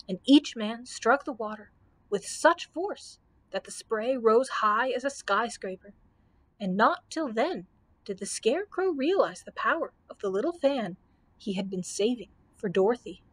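Expressive woman reading a storybook aloud. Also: on the high side, a little slow. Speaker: librarian.

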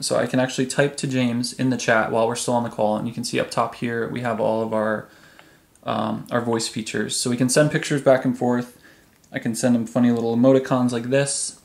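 A man walks through a phone app in a casual, easygoing tech video, filling his pauses with ums. His voice sits at a middling pitch. The room around him is echoey. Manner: chatty, relaxed, frequent ums. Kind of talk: casual product demo.

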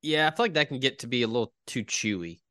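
Bright-voiced podcast host. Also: male voice, medium pitch, lively intonation, quick pace, no echo, clean studio sound. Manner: agreeable, steering the talk. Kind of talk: casual sports podcast chat.

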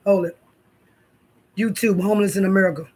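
A woman's voice: medium pitch, fairly even intonation, brisk, darkish tone, husky. A woman hosting her own vlog, talking straight to her viewers in a blunt, profane way. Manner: blunt, profane, addresses viewers and others directly. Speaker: YouTube channel host.

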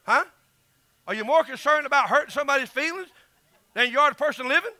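A man's voice: very high-pitched, expressive, quick pace, bright, forceful tone, no echo. A middle-aged man with a Southern US accent, preaching an emphatic, folksy sermon as pastor.

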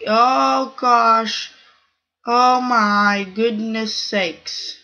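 A gaming channel host giving live gameplay commentary, excitable, repeating short cries of no and come on and exclaiming oh my goodness. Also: mid-range voice.

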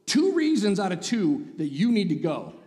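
Guy preaching a funny story, pitch all over the place, big echoey church hall. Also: moderate pace, slight background noise. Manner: animated, sarcastic, acts out voices. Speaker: guest speaker. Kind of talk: humorous sermon storytelling. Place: church sanctuary.

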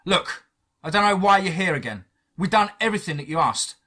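A man's voice: fairly high pitch, very animated, a little fast, bright, forceful tone, slightly rough, voice pushed up, full character voice. A man voicing an angry, defiant young man, cornered in a horror story. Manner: defiant, heated.

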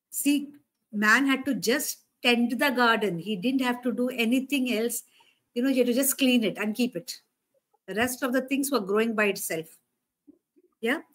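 A woman preacher giving a conversational sermon, often asking her listeners questions. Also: a little high.

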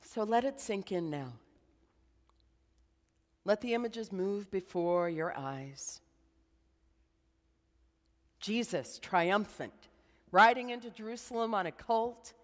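A woman preaching a sermon as a slow, dramatic guided meditation, dropping to a hush at times. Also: medium pitch, expressive, long reverb tail. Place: church.

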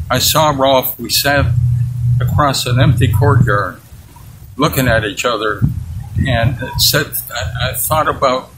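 A man's voice: mid-range voice, background noise. A man in his eighties, a veteran, telling a personal story in an interview in a blunt, outspoken way. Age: 80s.

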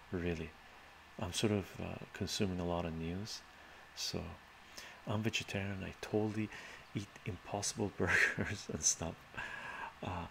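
Male streamer, very low voice with heavy fry, slow thoughtful rambler, faint hiss behind. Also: a bit bright. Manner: thoughtful, rambling, with sighs and fillers. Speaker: live-stream host answering chat. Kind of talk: casual live-stream chat.

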